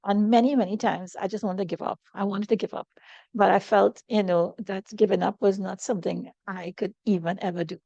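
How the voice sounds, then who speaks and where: A woman's voice: mid-range voice, steady tone, fairly quick, creaky, warm tone, no echo, lo-fi sound. A middle-aged woman, an interview guest speaking earnestly and reflectively about personal hardship.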